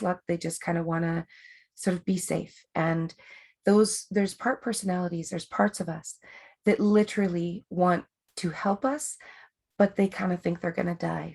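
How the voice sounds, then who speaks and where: A woman's voice: fairly low pitch, gravelly, a little mellow. A woman life coach hosting a webinar, talking in a chatty, rambling way with many fillers and restarts. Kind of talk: casual coaching talk.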